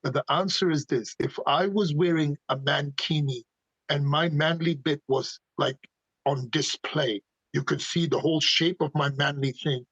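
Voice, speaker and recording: A man's voice: a little high, fairly even intonation, normal speed, fairly bright tone, husky, no room sound, dull audio. A man speaking passionately as a podcast guest, firing off emphatic rhetorical questions. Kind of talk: animated conversational opinions.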